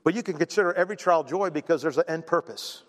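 In a large hall, a middle-aged pastor talks fast in a little-high voice, preaching animatedly and conversationally. He regularly checks in with "right?" and acts out the voices of people he quotes.

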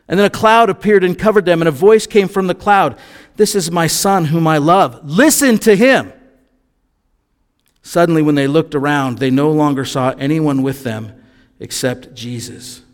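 Man preaching a sermon in a reverberant hall. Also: high voice. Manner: conversational, reads scripture then explains it with asides. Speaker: pastor.

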